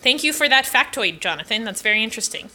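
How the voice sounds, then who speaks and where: A woman hosts a relaxed livestream of her cats, talking to viewers in between. Her voice is bright and sits a little high. She slips into cooing baby talk whenever she speaks to the cats. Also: fast talker, slight background noise. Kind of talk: casual livestream chat with cats.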